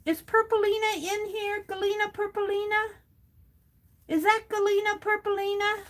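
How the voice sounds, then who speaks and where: A middle-aged woman hosting an art journaling livestream, chatting warmly with viewers by name and reading their comments aloud while she works. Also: very high voice, little pitch movement, a little slow. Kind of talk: casual chat while crafting.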